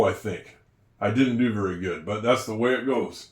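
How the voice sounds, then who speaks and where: A man's voice: lowish voice, normal speed, far from the mic. A man giving a patient, step-by-step handwriting lesson, with a few self-deprecating asides. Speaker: teacher. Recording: echoey room, voice a bit off-mic.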